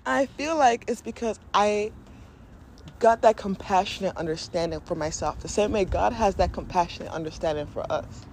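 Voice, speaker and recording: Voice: medium pitch, moderate pace, slight background noise. A podcast host talking candidly and emotionally in a casual spiritual monologue, often laughing and acting out inner voices.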